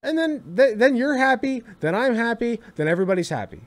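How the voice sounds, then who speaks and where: A man's voice: very high voice, animated, a little fast, hardly any pauses. A young man giving casual reaction commentary, exasperated, swearing freely and repeating himself for emphasis.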